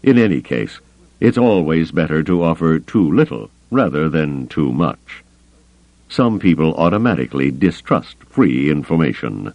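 Male narrator as cool alien admiral, measured and dry; low, expressive, slightly dull storybook audio. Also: dry recording, heavily acted.

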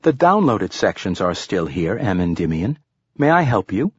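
A man's voice: deep voice, big pitch swings, normal speed, slightly rough, dry recording, clean studio sound, heavily acted. A man voicing a polite, chirpy talking bracelet computer that speaks in a precise, formal, helpful way.

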